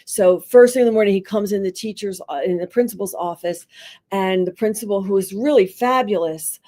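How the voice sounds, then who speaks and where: Animated woman telling a school story. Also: mid-range voice. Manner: animated storyteller who acts out quotes with a rising voice; conversational, many fillers like "like" and "you know". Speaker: school psychologist guest. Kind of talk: podcast interview, teaching by story.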